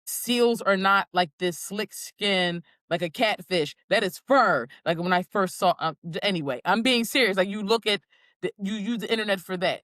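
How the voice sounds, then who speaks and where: A woman's voice: mid-range voice, no echo. A woman in her forties co-hosting a podcast, chatting casually and acting out little quoted scenes as she tells stories. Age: 40s. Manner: animated storyteller, acts out quotes. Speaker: podcast co-host. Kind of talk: casual chat.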